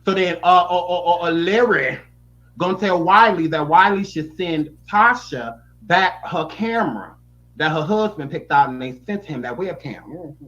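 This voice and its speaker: Sassy high-voiced male commentator. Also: unhurried, pushed and bright, lo-fi sound. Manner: sassy, blunt, profane. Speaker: YouTube commentator. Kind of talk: reaction commentary.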